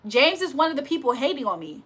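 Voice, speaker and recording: A woman's voice: sits high, big pitch swings, quick pace, a bit bright. A woman hosting a casual livestream, talking bluntly and confrontationally with plenty of profanity. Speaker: livestream host.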